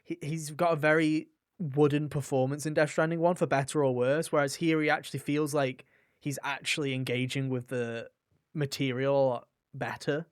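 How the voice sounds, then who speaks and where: A man's voice: a little high, flat delivery, normal speed, dry recording, studio quality. A young man co-hosting a casual gaming podcast, enthusiastic and rambling, full of fillers and restarts. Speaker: podcast co-host.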